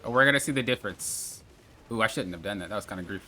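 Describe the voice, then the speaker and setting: A man's voice: lowish voice, quick pace, sharp tone, slight background noise. A young man hosting a gaming channel, casually talking viewers through a racing game tutorial and repeating steps as he coaches them. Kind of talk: gameplay tutorial commentary.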